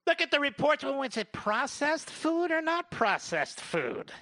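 A man's voice: very high-pitched, big pitch swings, unhurried, bright, forceful tone, no room sound. A man giving a sarcastic grocery-aisle rant, rattling off long lists of items. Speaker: commentator. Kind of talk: ranting grocery-store monologue.

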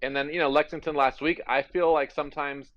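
A man co-hosting a tennis podcast, talking in a relaxed, hesitant way with many fillers. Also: a little high, fairly quick, dry recording. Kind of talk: casual sports chat. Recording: dull dry sound.

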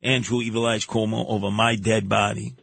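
A man's voice: on the low side, little pitch movement, a little fast, creaky, a bit bright, no room sound. A man hosting a talk radio show, giving combative, sarcastic commentary. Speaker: radio host.

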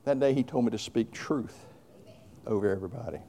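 A man's voice: mid-range voice, fairly quick, dark tone, slight background noise. A male preacher delivering a fervent sermon, moving between conversational asides and hollered declarations.

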